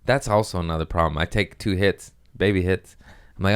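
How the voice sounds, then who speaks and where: A man's voice: deep voice, lively intonation, a little fast, smooth. A young man hosting a casual solo podcast, rambling and profane, often laughing at his own jokes. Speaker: podcast host.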